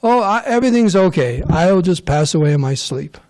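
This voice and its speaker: Man putting on a smug old English gentleman. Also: high-pitched, lively intonation, fairly quick, no echo. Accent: English (put on). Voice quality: pompous, breezy. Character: old upper-class Englishman, smug about death.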